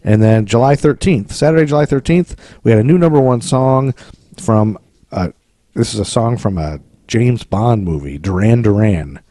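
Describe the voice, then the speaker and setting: A man's voice: lowish voice, expressive, normal speed, dark tone, dry recording, clean studio sound. A man co-hosting a podcast in casual chat, rambling and jokey. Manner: rambling, jokey, tries silly accents and sings snatches. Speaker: podcast co-host. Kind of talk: casual chat about eighties pop culture.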